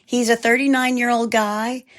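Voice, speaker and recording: Hoarse woman narrating true crime. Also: fairly high pitch, flat delivery. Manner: scripted, measured storytelling. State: hoarse from a cold. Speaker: podcast co-host.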